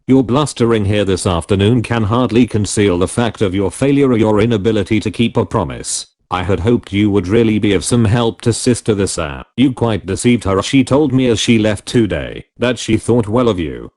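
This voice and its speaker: A man's voice: lowish voice, a little mellow, natural voice. A man reading a scornful, mocking young woman. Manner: cold, cutting, disdainful delivery.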